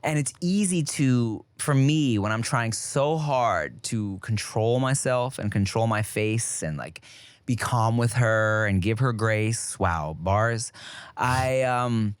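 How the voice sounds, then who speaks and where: A man's voice: medium pitch, slow, smooth, no room sound. A man co-hosting a podcast in loose, slangy, rambling chat. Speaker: podcast co-host.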